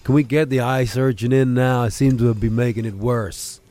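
Guy doing a loud fumbly surgeon, keeps dropping stuff and saying sorry, sketch bit. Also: medium pitch, fairly even intonation, normal speed, close to an everyday voice. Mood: bumbling. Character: bumbling clumsy male surgeon, doctor. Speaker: comic sketch character.

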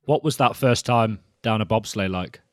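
A man's voice: on the low side, normal speed. A man hosting a podcast who asks his guest casual questions. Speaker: podcast host.

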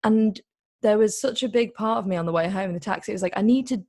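A woman telling a story in a casual, chatty way, full of "like" and quick asides. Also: mid-range voice, a little mellow, dry recording, studio quality. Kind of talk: casual chat.

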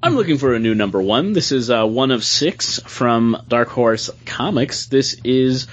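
A man from Boston co-hosting a casual podcast chat, relaxed, with trailing, hesitant phrasing. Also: mid-range voice, a little slow, muffled recording, a little hiss or hum. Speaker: podcast co-host.

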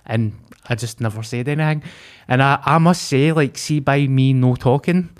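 A man's voice: medium pitch, normal speed, smooth. A man, co-hosting a podcast and telling a vivid, sweary story in casual chat. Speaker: podcast co-host.

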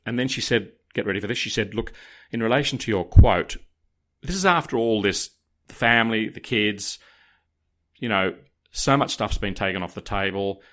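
Podcast co-host, male, lower voice, dramatic anecdote teller. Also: moderate pace. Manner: animated, dramatic, addresses listeners directly. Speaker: podcast co-host telling a story. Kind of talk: casual storytelling to listeners.

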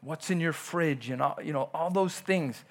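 A man's voice: fairly high pitch, moderate pace. Man preaching a conversational sermon. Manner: conversational preaching, acts out quoted dialogue. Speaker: pastor. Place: church.

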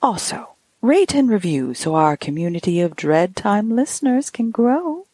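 A woman hosting a podcast, reading a ghost story aloud in a measured, softly breathy way. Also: medium pitch, big pitch swings, no echo.

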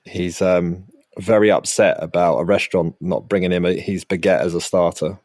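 A man's voice: low voice, steady tone, moderate pace, a little mellow, no room sound, studio quality. A man hosting a podcast in casual chat, teasing his co-host and laughing often.

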